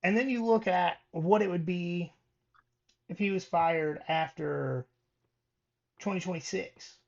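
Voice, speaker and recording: A man on a casual sports podcast runs through coaching records, stopping and restarting as he goes. His voice sits a little high for a man. The recording is dull and lo-fi. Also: slow pace, vocal fry. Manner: reads stats with many ums and restarts. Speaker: podcast co-host.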